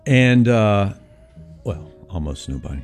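A man's voice: lowish voice, animated, takes it slowly, darkish tone, soft background music. A man, a regular guest on a radio show, chatting in a meandering way and often trailing off mid-thought. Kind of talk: casual radio banter. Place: radio studio.

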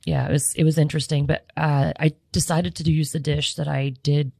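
Guest with a creaky, gravelly voice, lively casual storyteller, close dry mic. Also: mid-range voice, fairly quick, no echo. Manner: lively, rambling anecdote telling. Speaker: podcast guest, competition cook. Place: podcast studio room.

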